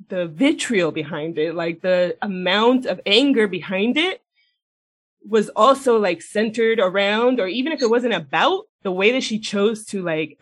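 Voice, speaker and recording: A woman co-hosting a casual podcast, recapping a TV episode in a blunt, animated way, swearing a lot and laughing as she talks. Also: on the low side. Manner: laughs often mid-sentence. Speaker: podcast co-host. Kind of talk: casual chat, retelling a TV episode.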